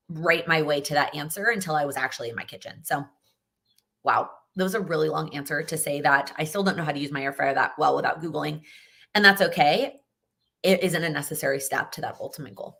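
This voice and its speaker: Low-voiced, bright-toned woman host. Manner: chatty, encouraging, restarts often. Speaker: host answering viewer questions. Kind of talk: live Q&A, casual advice.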